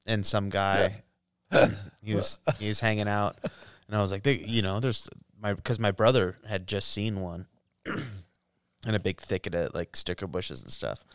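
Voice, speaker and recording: A man in his thirties telling a hunting story in casual podcast chat, animated, laughing often and swearing freely. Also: on the low side, a little slow, smooth, no room sound, clean studio sound. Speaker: podcast co-host.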